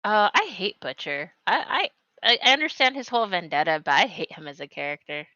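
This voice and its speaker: A woman's voice: mid-range voice, big pitch swings, a little fast, pushed and bright, dry recording, lo-fi sound. A woman in casual chat on a live stream, giggly and rambling as she searches for words.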